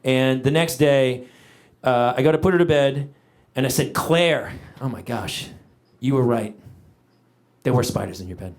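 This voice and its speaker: A middle-aged stand-up comic speaks in a mid-range voice, a little slowly, as he performs on stage. He tells exaggerated, animated stories, shouts his punchlines, and draws laughter from the audience.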